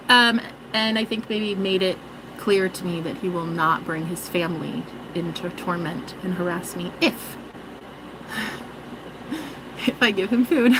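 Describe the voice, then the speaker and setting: A woman's voice: mid-range voice, background noise. A woman vlogging in a rambling, joking monologue, swearing and mocking herself. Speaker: spiritual vlogger.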